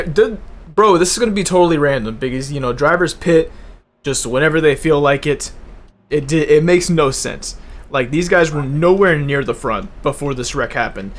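A young man giving live commentary on an online racing league while driving in it himself, casual and profane, loud and excited at big moments. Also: on the high side, normal speed. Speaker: race commentator and streamer. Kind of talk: live esports race commentary.

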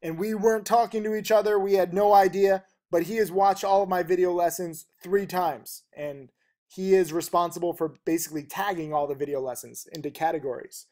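Fast-talking man teaching trading. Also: sits high, fairly even intonation, a little mellow. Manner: rapid, emphatic and blunt, with fillers. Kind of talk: fast-talking video lesson.

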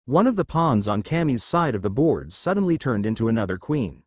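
A man narrating a fan fiction story aloud in a brisk storytelling way. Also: mid-range voice, very animated, dry recording.

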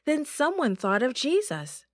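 A woman's voice: high-pitched, very animated, unhurried, dry recording, clean studio sound. A woman reading a Bible story aloud over a video call, lifting her voice for dramatic moments.

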